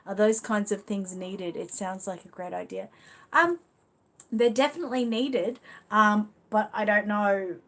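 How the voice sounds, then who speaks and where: A woman's voice: mid-range voice, measured pace, a bit bright. An Australian woman hosting a casual live stream. She talks in a loose, chatty way, answering viewers as she goes. Her phrasing is full of easy fillers and friendly asides. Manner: chatty, leans on "you know" fillers. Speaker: livestream host. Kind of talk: casual live chat reading viewer comments.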